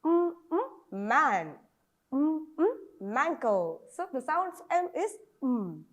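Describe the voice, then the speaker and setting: A woman's voice: high voice, sing-song, slow. A woman from Kerala with a Malayali English accent, teaching phonics to children and repeating each letter sound over and over. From Kerala, India.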